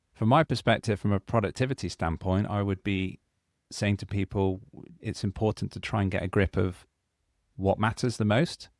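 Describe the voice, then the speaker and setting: A British man on a podcast, speaking confidently as he advises on work habits. His voice sits low. The recording is dry and close. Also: no room sound. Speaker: podcast co-host, productivity trainer. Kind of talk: conversational podcast discussion.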